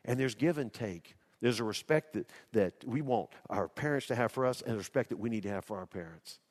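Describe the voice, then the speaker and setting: A man's voice: mid-range voice, animated, a little fast, a little mellow, long reverb tail. A man, preaching a sermon as a pastor in a folksy storytelling manner. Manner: folksy storytelling, acts out quoted voices.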